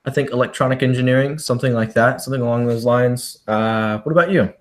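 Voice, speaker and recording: Relaxed young man, casual interviewer. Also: medium pitch, fast. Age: young adult. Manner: relaxed, hesitant, lots of ums. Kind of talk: casual chat.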